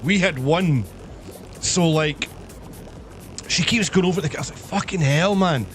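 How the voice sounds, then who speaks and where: A man's voice: fairly high pitch, a little slow, fairly bright tone, slight background noise. A young man livestreaming, telling a long profane story to his chat and acting out the people in it. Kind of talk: casual storytelling on a live stream.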